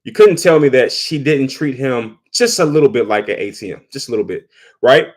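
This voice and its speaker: Brief: a man of medium pitch, chatty vlogger commentary, loose restarts. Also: lively intonation, fairly quick. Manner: conversational, repeats words while thinking. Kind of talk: casual commentary.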